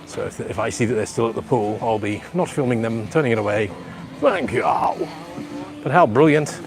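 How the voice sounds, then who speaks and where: A man's voice: mid-range voice, moderate pace, vocal fry. A man, giving rambling live walking-tour commentary at a beach resort and talking to viewers at home. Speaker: livestream vlogger. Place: outdoor beach resort pool area. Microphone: handheld phone camera.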